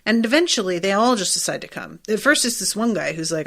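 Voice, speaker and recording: A woman's voice: on the low side, lively intonation, quick pace, few pauses. A woman hosting a podcast, recapping an episode in a loose, chatty, profane way, full of fillers and quoted asides. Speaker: podcast host. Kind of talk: casual solo recap.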